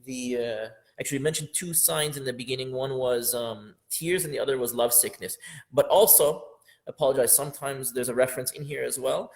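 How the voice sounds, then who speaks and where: Man, mid-pitched, an earnest teacher who swings between soft reflection and loud, fervent emphasis. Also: fairly quick. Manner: impassioned, building up to loud emphatic peaks, sometimes half-singing verses. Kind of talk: religious lesson on a poem.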